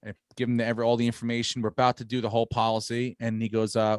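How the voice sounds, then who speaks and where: A man's voice: lowish voice, flat delivery, rapid-fire, hardly any pauses, no room sound. Middle-aged male podcast host, profane storyteller, dry close sound. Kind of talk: casual podcast chat. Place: home on Long Island, New York.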